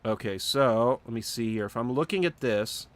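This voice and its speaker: This gaming livestreamer has a medium-pitched voice at a normal speed. Drowsy and yawning, he offers relaxed live commentary on his play, musing out loud and often stopping to restart or fill gaps.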